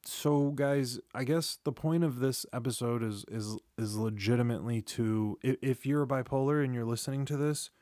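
Recorded dry on a studio microphone with clean sound, this thirty-something host delivers a candid solo podcast monologue. His mid-range voice is warm, at normal speed with hardly any pauses, while he rambles confessionally, swears a lot, restarts sentences, and yawns wearily.

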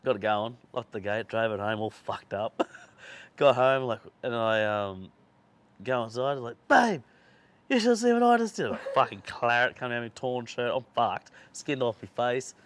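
A man's voice: medium pitch, steady tone, moderate pace, a bit bright, smooth. A man hosting a podcast, telling a long, rambling anecdote in casual chat, swearing freely and laughing through his stories. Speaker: podcast host.

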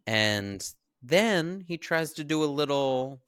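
A man's voice: medium pitch, slow, clear, resonant tone, dry recording, clean studio sound. A man co-hosting a podcast, retelling a horror film scene by scene and acting out the characters' lines. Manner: animated storyteller, acts out the characters' lines. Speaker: podcast co-host. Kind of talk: casual chat, retelling a film.

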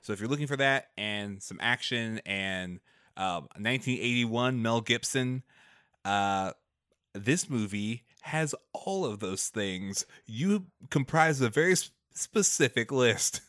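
A man's voice: mid-range voice, slow pace, fairly bright tone, smooth, no echo, studio quality. A man co-hosting a casual movie-review podcast, laughing often and hesitating with many ums and restarts. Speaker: podcast co-host.

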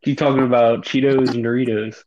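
A man's voice: medium pitch, level tone, brisk, darkish tone. Young male co-host, teasing and easygoing, slightly muffled sound, faint background noise. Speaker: podcast co-host. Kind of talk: casual podcast chat.

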